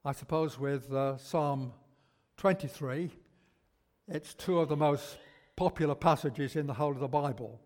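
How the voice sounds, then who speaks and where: A man preaching a sermon, slow and emphatic, repeating key words for weight. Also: on the high side, a little mellow. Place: church. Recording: long church reverb.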